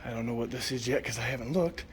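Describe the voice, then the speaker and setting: A fast-talking man with a medium-pitched voice vlogs his way through an indoor car museum hall, casually narrating and enthusiastically reading exhibit signs, occasionally stumbling over names. There's a little hiss or hum in the recording.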